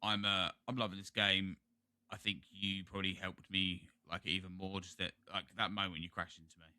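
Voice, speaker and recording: A man's voice: deep voice, little pitch movement, a little fast, sharp tone, dry recording. A British man hosting a gaming podcast, chatting casually in a rambling, jokey way. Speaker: podcast host. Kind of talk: casual chat.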